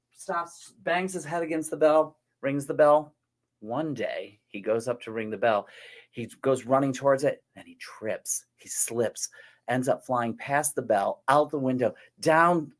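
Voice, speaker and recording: A man chatting casually while doing makeup, telling stories and jokes with many fillers and restarts. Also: medium pitch. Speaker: makeup artist guest. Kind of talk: casual chat.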